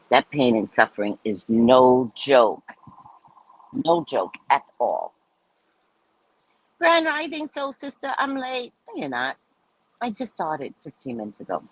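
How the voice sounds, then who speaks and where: A woman's voice: very deep voice, slightly rough, no echo, low-quality recording. Middle-aged woman host, bouncy swooping delivery, chatty, reads the chat aloud. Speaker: livestream host reading viewer comments. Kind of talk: casual chat.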